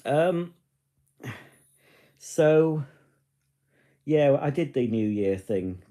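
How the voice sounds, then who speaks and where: A man's voice: on the high side, drawn-out words, creaky, long pauses, warm tone. Tipsy man rambling on a live stream. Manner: rambling, chatty, self-mocking. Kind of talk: casual live-stream chat. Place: living room at home. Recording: echoey room.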